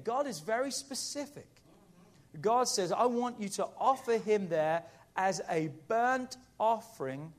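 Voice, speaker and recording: A middle-aged man preaching a sermon in a lively, conversational way, with playful asides. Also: on the high side. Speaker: pastor.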